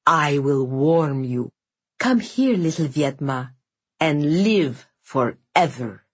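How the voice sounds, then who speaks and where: A woman voicing a cruel, ancient male bear spirit in an audiobook, speaking with slow, low, gloating menace. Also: expressive, breathy edge, exaggerated voice. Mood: seductive menace. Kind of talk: audiobook narration.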